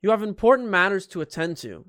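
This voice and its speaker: A man reading aloud the lines of a dramatic young woman calming her boyfriend, in a sweet, placating way. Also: high-pitched, quick pace, no room sound, studio quality. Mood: soothing.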